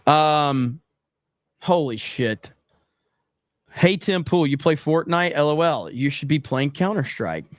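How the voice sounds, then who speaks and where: Male streamer reading super chats, joking and fed up, raised pitch, dry mic. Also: lively intonation, takes it slowly, pauses often, dry recording. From United States. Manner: profane, exasperated, joking. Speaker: livestream host. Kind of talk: casual livestream chat reading super chats.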